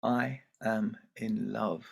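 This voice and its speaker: A man voicing a young hare daughter who answers calmly and firmly in a told folktale. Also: mid-range voice, slow pace, gravelly. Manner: calm, firm, quiet.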